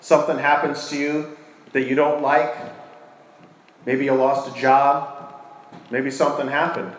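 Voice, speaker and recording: Pastor preaching in an echoey church. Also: male voice, mid-range voice, level tone, measured pace. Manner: asks the congregation questions, swings between loud and hushed. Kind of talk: sermon. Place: church hall with a congregation.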